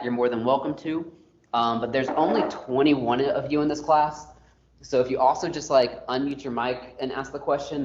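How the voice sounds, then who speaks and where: A man teaching an online math class, explaining casually with lots of fillers. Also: medium pitch. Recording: roomy, dull lo-fi audio.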